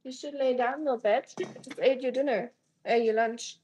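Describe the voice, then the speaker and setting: This woman's high, warm voice stays fairly even in intonation and fairly quick as she live streams her home-kitchen cooking, casually greeting viewers by name and joking teasingly. The recording is rough, with a little hiss or hum.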